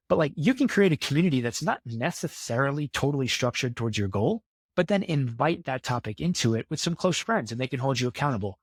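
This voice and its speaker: A man in his own plain voice, speaking at a middle pitch for a man. He talks earnestly and with a motivational push, often repeating a point to drive it home. The sound is dry and close, with no room around it. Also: animated, quick pace, slightly rough, dry recording. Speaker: podcast guest. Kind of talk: casual interview talk.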